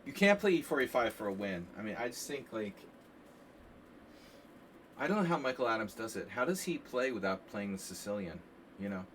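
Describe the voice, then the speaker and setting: A man casually commenting on chess games during a live stream, rambling and animated with lots of filler words. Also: fairly low pitch, brisk, long pauses. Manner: rambling and animated, frequent "like" and "you know". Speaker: chess coach streaming a lesson. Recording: distant mic with faint background hiss.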